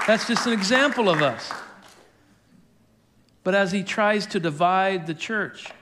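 High-voiced guy preaching, telling a story and doing the quotes with little chuckles. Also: bright, forceful tone. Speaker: pastor. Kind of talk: sermon.

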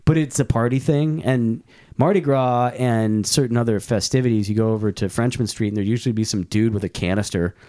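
A man's voice: mid-range voice, brisk, warm tone. Brief: male podcast host, laid-back, rambling and self-mocking in casual banter. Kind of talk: casual chat.

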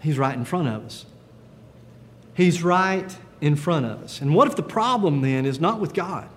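A man pastor preaching a sermon in a gentle, conversational way, with frequent pauses and fillers. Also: on the high side, expressive, in a large hall, a little hiss or hum.

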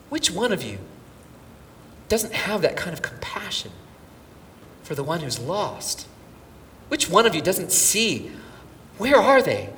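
A middle-aged pastor preaching slowly, his voice rising and falling widely as he tells a story. He drops to hushed near-whispers and swells to loud cries. He is picked up from a distance in a large, reverberant hall with faint background noise. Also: sits high. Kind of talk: sermon.

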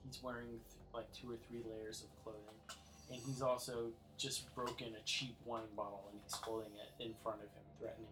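A man's voice: mid-range voice, flat delivery, a little fast, background noise. A man narrating as game master of a tabletop game, in a loose style full of "like" fillers.

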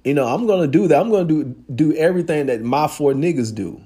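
Podcast host, man with a high voice that swings a lot, animated and profane. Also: quick pace. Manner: animated, profane, emphatic storytelling. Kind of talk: casual monologue.

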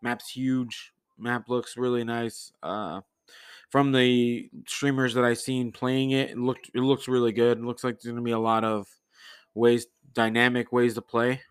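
On his own podcast, a man chats loosely and drifts a bit, with lots of fillers and restarts. His mid-range voice has little pitch movement and a clean tone, and he keeps a measured pace.

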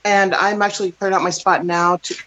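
A woman co-hosting a livestream, talking in a relaxed, matter-of-fact way while she sets up. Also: medium pitch, brisk, noisy background. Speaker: co-host, card reader. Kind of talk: casual livestream chat.

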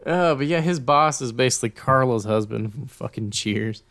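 A man co-hosting a podcast in casual, animated chat, laughing often and swearing. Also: mid-range voice, normal speed, dry recording. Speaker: podcast co-host.

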